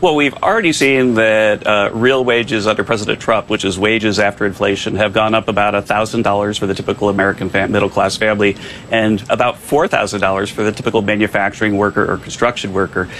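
Low-voiced man pushing statistics, filler-heavy. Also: fairly even intonation, a bit bright, a little hiss or hum. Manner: talks fast with many uh fillers, defends with data. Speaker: government economic adviser. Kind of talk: TV interview.

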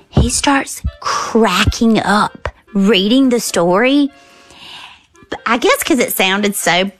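A middle-aged woman from the American South, telling a personal story in a lively, animated way. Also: lowish voice. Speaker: storyteller guest.

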